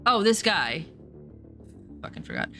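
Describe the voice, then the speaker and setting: A woman's voice: fairly low pitch, huge pitch swings, unhurried, gravelly, bright, forceful tone. A young adult woman streaming and telling a story in casual chat, sarcastic and profane, over faint music. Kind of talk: casual chat while gaming.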